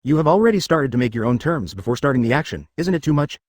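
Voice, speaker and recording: A man's voice: medium pitch, expressive, fast, no echo, clean studio sound, natural voice. A man voicing a scheming ninja leader in a synthetic-sounding story reading, blunt and persuasive.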